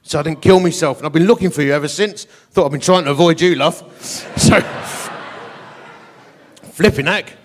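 A middle-aged man telling a story from the pulpit, his voice sitting high for a man. He is lively and self-mocking, and he acts out each character's lines as he goes. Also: normal speed. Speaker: guest preacher. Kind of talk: storytelling sermon.

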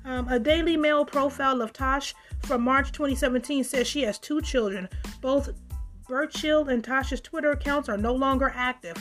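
A woman hosts a podcast of casual news commentary, reading stories aloud and reacting bluntly and indignantly with plenty of swearing. Her voice sits high with a fairly bright tone at normal speed, over soft background music.

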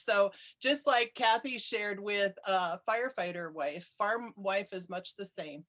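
A woman's voice: medium pitch, measured pace, few pauses, a bit bright. A cheerful, candid woman with a folksy way of talking, chatting on a video call. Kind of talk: casual webinar chat.

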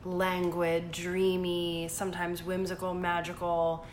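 A woman's voice: on the low side, monotone, slow, a little hiss or hum. A woman co-hosting a podcast in casual chat, a little drunk, gushing and rambling. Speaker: podcast co-host, magazine editor.

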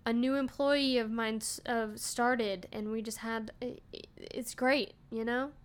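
A woman's voice: a little high, steady tone, a little slow, clear, resonant tone. A woman in her thirties hosting a solo podcast, talking in a rambling, casual way with lots of "like" and restarts. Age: 30s. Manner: rambling, heavy use of "like", frequent restarts. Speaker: podcast host.

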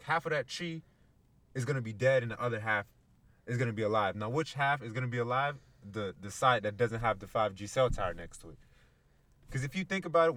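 A man's voice: medium pitch, fairly bright tone. A young man chatting casually, rambling and slangy with plenty of profanity. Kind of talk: casual chat.

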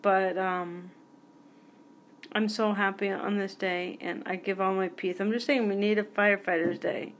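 A woman's voice: medium pitch, steady tone, unhurried, slight background noise. Woman, forties, podcast host, chatty, jumps between topics. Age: 40s. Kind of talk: rambling solo podcast chat.

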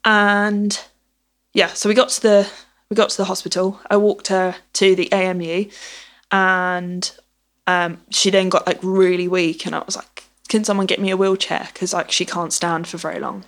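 A woman's voice: on the low side, flat delivery, normal speed, a bit bright. A woman telling a personal story in casual conversation, acting out the dialogue as she goes. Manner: chatty, acts out dialogue with "I was like".

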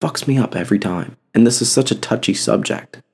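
A young man speaks on his own podcast with a low, gravelly voice. He talks bluntly and with feeling, cursing freely as he makes his point. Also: fairly quick. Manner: blunt, heavy cursing, impassioned. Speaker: podcast host. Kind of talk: casual solo podcast talk.

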